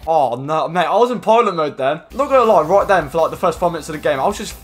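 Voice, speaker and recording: Excitable young gaming commentator. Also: male voice, a little high, quick pace, faint music behind. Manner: excitable, slangy, bursts into loud outbursts. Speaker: gaming YouTuber. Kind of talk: casual gameplay commentary.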